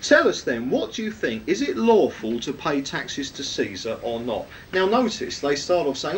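Male preacher, lively pitch, fairly high voice, emphatic Bible teaching with rhetorical questions. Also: moderate pace, few pauses. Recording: distant mic, faint rumble.

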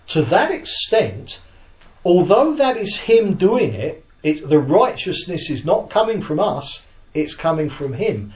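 A man teaching a Bible study class, explaining slowly, checking that listeners follow, and reading his handout aloud. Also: a little high, darkish tone. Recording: echoey room, dull lo-fi sound.

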